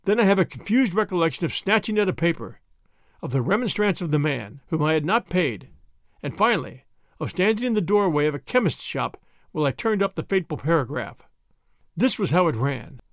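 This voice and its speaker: Man, audiobook narrator, measured steady reading, dry close sound. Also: fairly high pitch, no echo. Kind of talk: first-person storybook narration.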